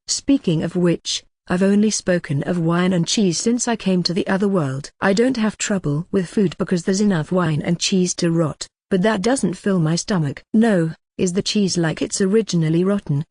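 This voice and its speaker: A woman's voice reading a fantasy light novel aloud in a flat, machine-like narration. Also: lowish voice, no echo, clean studio sound. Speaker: audiobook narrator.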